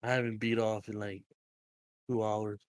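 A young man from Hawaii co-hosting a casual podcast, joking and swearing, often trailing off into low mumbles. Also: level tone, normal speed, no echo, studio quality. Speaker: podcast co-host.

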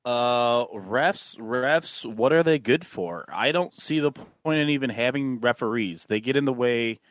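A man's voice: medium pitch, measured pace, dry recording. A man co-hosting a sports podcast, talking in a blunt, profane, ranting way. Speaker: podcast co-host. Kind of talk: casual sports chat.

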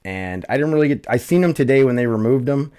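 A man's voice: medium pitch, expressive, quick pace, warm tone, smooth. A man hosting his own podcast in a loose, rambling way, full of fillers, swearing and self-deprecation, while dealing with nerve pain. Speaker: podcast host. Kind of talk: casual solo podcast talk.

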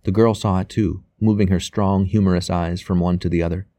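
Mellow low-voiced male audiobook narrator. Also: dry recording. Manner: measured, even storytelling. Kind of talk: scripted narration of a classic novel.

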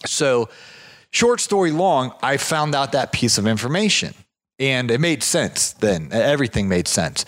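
A man's voice: medium pitch, unhurried. A man who runs a property management business, telling a long, rambling anecdote in a casual conversation. He strings it out with fillers and restarts, and his voice jumps up when he quotes other people. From southeastern United States. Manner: animated when quoting others.

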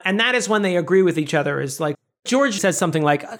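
An animated male podcast co-host in casual conversation. He laughs a lot and breaks into loud, playful shouting when he quotes characters. His pitch swings widely while he talks. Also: fast talker, hardly any pauses. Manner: animated, laughs often, acts out shouted lines. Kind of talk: casual chat.

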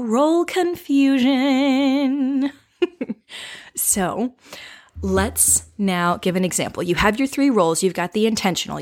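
A woman hosting her own show, talking through a lesson by telling a story from her life. Her delivery is playful and animated, full of little laughs. She keeps checking in with the listener as she goes. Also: medium pitch. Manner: animated, with frequent tag questions. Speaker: podcast host.

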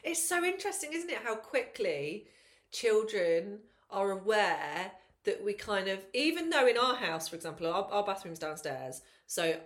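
A woman, co-hosting a casual podcast chat, animated and swearing freely. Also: medium pitch, unhurried. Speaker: podcast co-host.

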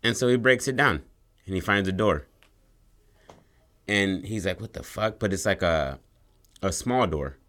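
A man chatting casually on a podcast, pitching a story idea in loose, slangy, profane language. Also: animated, unhurried, pauses often, a bit bright.

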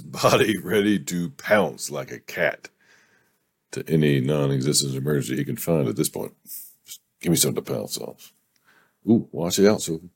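A man with a very low, gravelly and husky voice reads a romance novel aloud at an unhurried pace. He breaks off again and again to laugh, swear and riff on the story in a casual way. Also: dry recording. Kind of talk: casual read-aloud with commentary.

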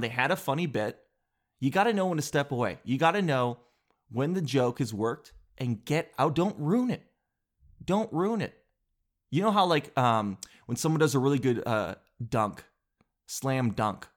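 A man's voice: fairly high pitch, normal speed. A man hosting a show, telling a rambling comic story in casual chat, full of fillers and restarts. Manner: rambling, animated, with filler words and self-interruptions.

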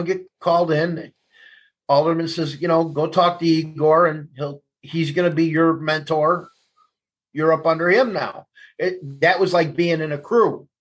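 A man guests on a candid interview, telling blunt, profane stories and laughing through his anecdotes. His pitch is fairly high, and the recording quality is low.

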